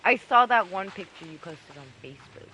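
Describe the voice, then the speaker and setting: A woman's voice: mid-range voice, lively intonation, moderate pace, background noise. A young woman streamer telling stories in casual chat, candid and swearing freely.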